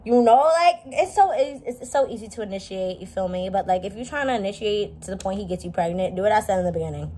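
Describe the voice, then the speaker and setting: A woman's voice: mid-range voice, quick pace, hardly any pauses, slight background noise. A young woman vlogging in a blunt, profane, joking casual chat. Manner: blunt, profane, animated, jokey.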